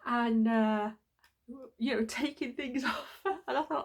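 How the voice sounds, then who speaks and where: Middle-aged woman rambling through a heartfelt story on her vlog, voice on the high side. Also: measured pace. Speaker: vlogger. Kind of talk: casual personal storytelling.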